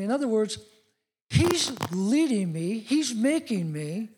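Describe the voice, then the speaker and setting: A man's voice: very high voice, lively intonation, measured pace, darkish tone, husky. A middle-aged man preaching a sermon, telling personal stories in an earnest way that rises to emphatic declarations.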